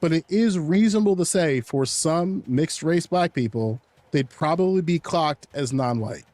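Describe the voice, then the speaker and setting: Man, slightly high voice, dry sound, measured and careful, qualifies each point. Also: lively intonation, darkish tone, no echo. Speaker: panel guest. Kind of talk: live-stream panel debate.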